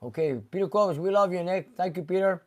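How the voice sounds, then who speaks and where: A man's voice: high voice, fairly quick, darkish tone. Chatty man reading viewer comments. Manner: chatty, reads viewer comments aloud, drifts into Greek. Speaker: host reading live chat. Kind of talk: casual live-stream chat. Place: car garage shop.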